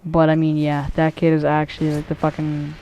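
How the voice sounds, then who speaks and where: Low, mellow woman rambling over gameplay. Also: monotone, fairly quick, slight background noise. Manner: rambling, profane, many fillers and restarts. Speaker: gameplay commentator. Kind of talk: casual game commentary.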